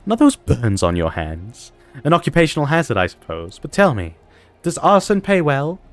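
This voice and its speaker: A man voicing a sardonic interrogator who taunts a prisoner in a slow, drawling way. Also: a little high, wildly swooping pitch, soft background music, pitched above the performer's own voice. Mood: mocking. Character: sardonic male interrogator, dry and mocking.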